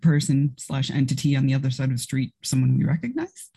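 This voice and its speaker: Casting: player, woman, husky and warm, lively inquisitive delivery. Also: rumbling low, fast, faint music behind. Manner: inquisitive, many questions. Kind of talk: tabletop role-play.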